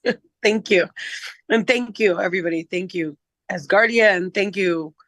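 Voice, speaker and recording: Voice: mid-range voice, normal speed, a bit bright, dry recording. Emotional, sniffling meeting member. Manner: heartfelt, apologetic. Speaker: parliament member. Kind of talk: online meeting remarks.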